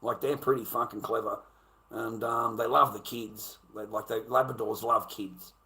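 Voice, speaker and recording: A man's voice: fairly low pitch, steady tone, normal speed, pushed and bright, poor audio. A middle-aged Australian man talking on his livestream, swearing a lot and rambling with many repeats. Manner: profane, rambling, repeats himself. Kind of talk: casual livestream rant.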